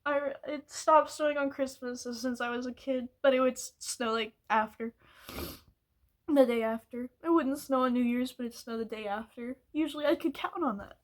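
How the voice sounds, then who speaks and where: A woman's voice: high-pitched, normal speed. A woman, venting in a rambling, frustrated monologue full of swearing. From United States. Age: early 20s. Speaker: vlogger.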